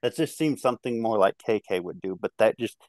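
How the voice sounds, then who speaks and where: A man's voice: fairly low pitch, animated, fairly quick, a little mellow, dry recording. A man in his thirties with a twangy Midwestern American accent, rambling through a casual album review with lots of fillers and restarts. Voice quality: slight twang. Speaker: music podcast reviewer.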